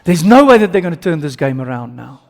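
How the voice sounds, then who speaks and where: A man with an Afrikaans accent, a native Afrikaans speaker from South Africa, preaching a sermon with dramatic swings from loud bursts to hushed lines. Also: fairly high pitch, big pitch swings, fast, gravelly. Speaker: pastor. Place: church service.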